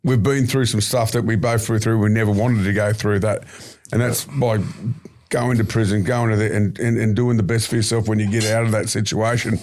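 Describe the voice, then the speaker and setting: A man's voice: fairly low pitch, flat delivery, fairly quick, a little mellow, a little hiss or hum. A middle-aged Australian man, a podcast guest, telling stories in blunt, slangy casual chat.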